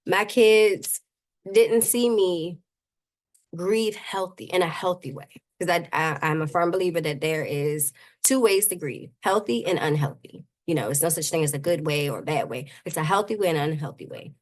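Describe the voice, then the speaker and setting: A woman's voice: fairly low pitch, normal speed. A middle-aged woman, a grief coach, talking earnestly about faith and loss in an interview, with many "you know"s. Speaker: grief coach and suicide prevention advocate, guest. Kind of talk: heartfelt conversational interview.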